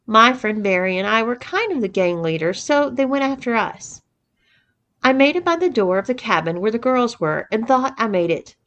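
A woman's voice: on the high side, very animated, moderate pace, fairly bright tone. A woman reading the part of a sheepish young man recounting a story, matter-of-fact.

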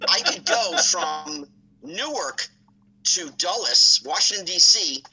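A middle-aged man telling stories as a podcast guest, animated and acting out other people's lines in his own telling. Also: high-pitched, slow pace, slightly rough, poor audio. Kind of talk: casual storytelling.

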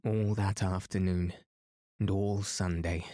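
A man reads a novel aloud as a bedtime story in a calm, soothing way. His voice is low and flat, and he speaks slowly. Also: no room sound, studio quality. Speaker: podcast narrator.

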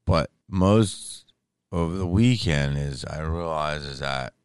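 A man hosting his podcast right after waking up, exhausted and drained, talking candidly in a rambling way with many restarts, his morning voice deep. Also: takes it slowly, smooth, dry recording. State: tired, just woke up. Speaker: podcast host. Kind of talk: casual podcast monologue. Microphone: studio microphone.

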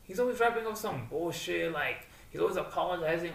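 A man co-hosting a podcast in casual chat, ranting in an animated way and mocking others with put-on quotes. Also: high voice, quick pace, gravelly. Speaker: podcast co-host. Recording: echoey room, distant mic, faint noise.

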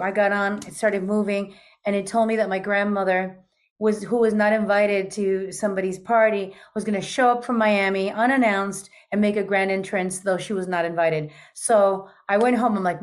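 A woman in her fifties telling a long personal story to an interviewer. Her voice sits at a mid pitch. She talks in a chatty, animated way and uses casual fillers often. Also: normal speed. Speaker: guest. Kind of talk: storytelling in conversation.

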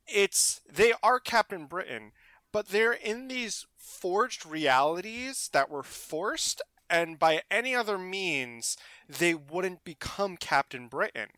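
Casting: man with a bright, forceful voice, slightly high, dry mic, thinking aloud. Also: no room sound. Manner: thinking aloud, circling back on himself. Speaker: podcast co-host. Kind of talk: casual comic book discussion.

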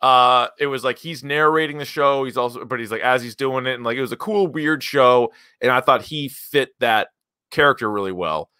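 A man's voice: medium pitch, moderate pace, sharp tone, clean tone, no echo, clean studio sound. A man hosting a podcast, chatting loosely about movies with plenty of fillers and emphatic asides. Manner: rambling, filler-heavy, emphatic. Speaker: podcast host reviewing movies. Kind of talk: casual chat.

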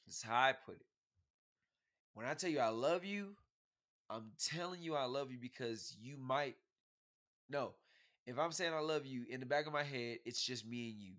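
A man's voice: mid-range voice, normal speed, pauses often, a bit bright. A young man in a casual couple's debate, arguing hard, talking over his partner and stumbling over repeated words. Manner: argumentative, talks over her, repeats words when cut off.

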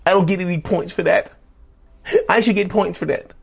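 A man voicing a defensive narcissistic partner who is entitled and self-pitying, talking indignantly and climbing into shrill yelling. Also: fairly even intonation, normal speed, gravelly, slightly rough, heavily acted. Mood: outraged.

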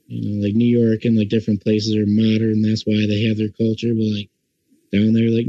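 A man's voice: lowish voice, flat delivery, brisk, mellow, no echo, dull audio. A man chatting casually as a podcast guest, easygoing and enthusiastic, saying "like" a lot. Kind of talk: casual chat.

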